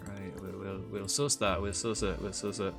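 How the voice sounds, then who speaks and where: A man's voice: low-pitched, fairly even intonation, normal speed. A young Irish man chatting casually on a live stream while he builds in a game, rambling, swearing freely and restarting his sentences. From Republic of Ireland. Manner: rambling, swears freely, restarts often, laughs at own jokes. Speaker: livestreamer. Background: music playing clearly.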